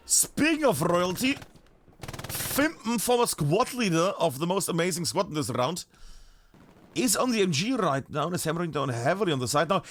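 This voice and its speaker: A German man from northern Bavaria casts a live shooter match in a high voice, chatty and animated, swearing casually now and then. Gunshots sound faintly behind him. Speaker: esports caster. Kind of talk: live game commentary.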